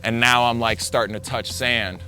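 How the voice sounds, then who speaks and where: A young man with a bright, forceful voice tells a surf story in a vivid, breathless way, leaning on fillers like "like" and "man." His pitch sits in the middle for a man. Soft music plays underneath. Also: level tone, moderate pace. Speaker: big wave surfer. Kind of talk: recounting a near-death wipeout.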